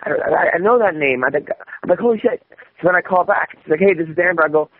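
A man telling a rambling, animated story in casual conversation, swearing often and restarting his sentences. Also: fairly high pitch, fast. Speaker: guest comedian. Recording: dull radio-style audio with faint noise.

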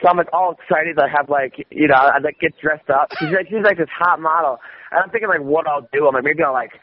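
A man with a fairly high voice tells a rambling, animated story, swearing freely and stumbling over restarts. The audio sounds dull, like an old radio broadcast, with a faint hiss underneath. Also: quick pace. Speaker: guest comedian. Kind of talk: casual storytelling.

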